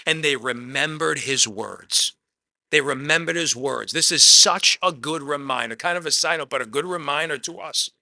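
A man preaching a conversational sermon, swinging between emphatic loud lines and quiet asides, often dropping "man" into his talk. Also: a little high, normal speed, vocal fry. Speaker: pastor.

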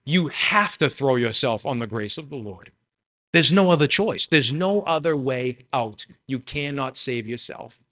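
A man's voice: medium pitch, lively intonation, measured pace. Emphatic preaching man. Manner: emphatic preaching with sudden loud and soft swings; addresses the congregation directly. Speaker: pastor. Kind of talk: sermon.

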